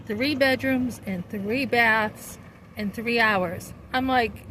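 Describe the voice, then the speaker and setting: Middle-aged woman, vlog storytelling, indignant, emphatic, slightly high voice, clear street traffic behind. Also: takes it slowly, bright, forceful tone, rough recording. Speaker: vlogger.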